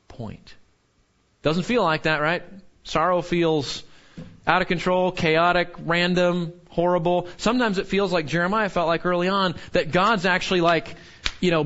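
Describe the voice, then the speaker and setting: A man's voice: on the high side, fairly bright tone, dull audio. A man teaching a Bible lesson to a class in a conversational way, often asking "right?" and repeating key points for emphasis.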